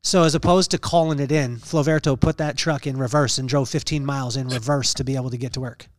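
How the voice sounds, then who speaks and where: A man hosting a podcast, telling an emotional personal story in an earnest, halting way with many fillers. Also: mid-range voice, fairly even intonation, no echo, clean studio sound. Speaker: podcast host.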